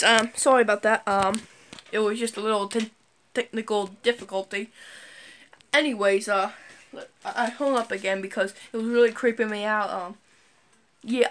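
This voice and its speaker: A woman's voice: fairly high pitch, slight background noise. A woman vlogger in a staged prank video, talking melodramatically with lots of exclamations and fillers. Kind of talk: scripted prank vlog.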